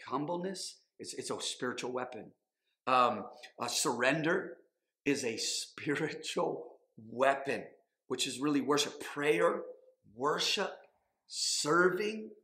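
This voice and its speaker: A man's voice: a little high, a bit bright. A man in his thirties preaching a sermon as pastor, emphatic and repetitive, often acting out quotes. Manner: emphatic, repeats phrases, acts out quotes. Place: church sanctuary. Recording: echoey church hall.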